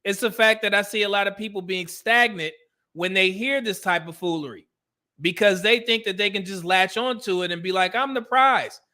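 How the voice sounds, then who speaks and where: A man's voice: high voice, a little fast, sharp tone. A man hosting a livestream, reacting to a clip with blunt, exasperated commentary and calling viewers brother. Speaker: host reacting to a video.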